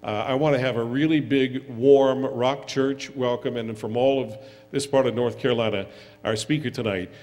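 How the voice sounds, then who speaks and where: A man introducing a guest speaker in a church, earnest and halting, with frequent fillers. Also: mid-range voice, fairly even intonation, a little mellow. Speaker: event host introducing the speaker. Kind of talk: public introduction speech. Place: church hall. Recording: reverberant hall with faint music.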